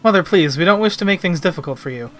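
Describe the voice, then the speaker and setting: A man's voice: sits high, animated, a bit bright, soft background music. Man reading as an earnest, formal young nobleman. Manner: polite, measured formal speech. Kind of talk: reading game dialogue aloud on stream.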